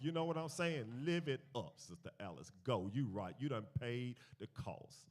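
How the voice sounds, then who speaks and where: A man's voice: medium pitch, normal speed, few pauses. A man teaching a congregation in a sermon, telling stories and leading call-and-response, repeating key phrases. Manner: animated storytelling, swings from quiet to loud. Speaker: church teacher leading a finance talk. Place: church gathering.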